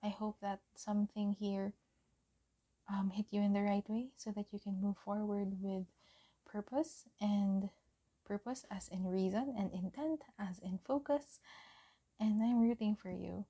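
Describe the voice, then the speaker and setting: A young woman giving a pick-a-card tarot reading, gentle and encouraging, often giggling and saying um. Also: mid-range voice, fairly even intonation, measured pace, dull audio. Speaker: tarot reader.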